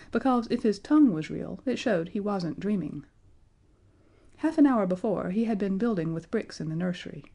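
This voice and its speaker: A woman telling a storybook tale in a gentle, lively way, with asides to the listener. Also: fairly low pitch, creaky. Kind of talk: storybook reading.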